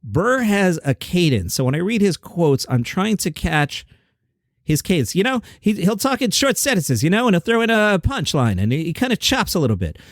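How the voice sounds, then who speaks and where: A man's voice: sits high, sing-song, normal speed, no room sound, clean studio sound. A man hosting a comedy news show, reading headlines with wry, rambling, self-deprecating asides. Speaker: podcast host.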